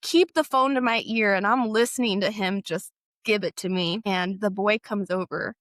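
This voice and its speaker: A young woman sharing a painful personal story, halting and emotional, with frequent fillers. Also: mid-range voice, fairly bright tone, no echo, clean studio sound. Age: young adult.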